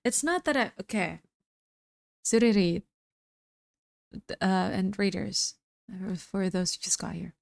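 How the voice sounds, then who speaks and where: A woman's voice: medium pitch, slow, creaky, long pauses, no echo. A woman streamer chatting casually with viewers, reading their messages aloud and answering them, her voice a little worn. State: slightly losing her voice. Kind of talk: casual livestream chat reading.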